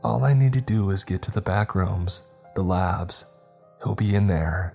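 A frantic teenage girl, put on by a man reading a story, pleads in a raised, urgent voice. Her delivery is stubborn and breathless. It sits over a dark, low-toned reading voice. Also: unhurried, vocal fry, soft background music. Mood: pleading.

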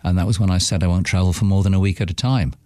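A middle-aged man from England sits in as a guest, telling stories with dry humor and laughing often. His voice is very low. The recording is close and dry. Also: steady tone, very fast, mellow, no echo. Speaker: guest, businessman. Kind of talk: casual chat, storytelling.

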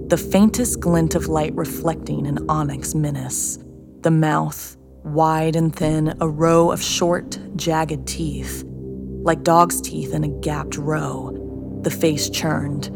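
A woman narrating a scripted horror story in a hushed, slow, suspenseful way. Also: low-pitched, creaky. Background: music.

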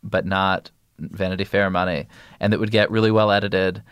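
Low-voiced man talking in a dry room. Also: steady tone, moderate pace, smooth, no echo, dull audio. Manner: rambling, many restarts and "like" fillers. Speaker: podcast guest, news editor. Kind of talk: casual interview conversation.

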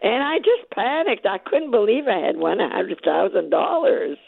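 A woman with a raspy voice calling into a radio show, telling her story with excitement and acting out both sides of each conversation. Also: medium pitch, normal speed, dry recording. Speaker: caller, lottery winner. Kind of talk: phone-in radio interview. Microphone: telephone. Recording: tinny phone line.

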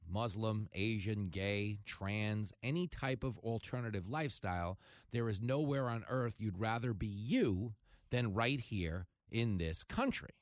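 A man hosting a talk radio show in a fast, jokey monologue, breaking into loud comic bursts. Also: lowish voice, animated, dry recording, studio quality.

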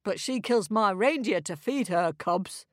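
A woman's voice: mid-range voice, animated, unhurried, dry recording, studio quality, lightly acted. A woman voicing a stern, doubting male hunter who growls his lines. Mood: gruff. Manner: growling, skeptical.

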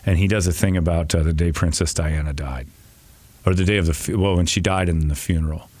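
Deep-voiced man telling rambling radio stories. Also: steady tone, a little fast, a little mellow. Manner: rambling, profane, self-deprecating anecdotes. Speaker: radio host. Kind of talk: casual storytelling chat.

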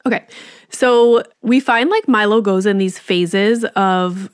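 A woman's voice: mid-range voice, slow pace, clear, resonant tone, dry recording, clean studio sound. A woman in her thirties hosting a podcast, telling a casual story with frank swearing and lots of "like". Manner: candid, swears freely, lots of "like". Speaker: podcast host.

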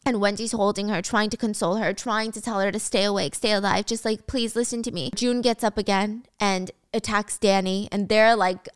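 Brief: young woman storyteller, casual and wry, smooth dry voice. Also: medium pitch, steady tone, moderate pace, few pauses, no room sound. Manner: chatty, wry asides.

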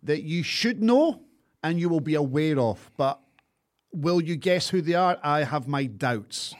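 A man's voice: fairly high pitch, expressive, measured pace. A middle-aged man hosting a podcast, introducing the guests and teasing his co-host with questions. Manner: leads the talk, teasing and questioning. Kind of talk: casual podcast chat.

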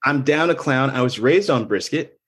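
A man's voice: medium pitch, animated, moderate pace, husky. A man, a comedian guest, riffing in a casual podcast chat and laughing often.

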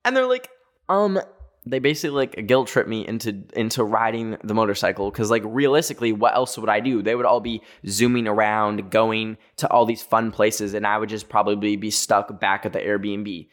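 Animated young man telling a story. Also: fairly low pitch, brisk, hardly any pauses. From North America. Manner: animated, lots of "like", jokey asides. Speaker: podcast host. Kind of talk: storytelling podcast monologue.

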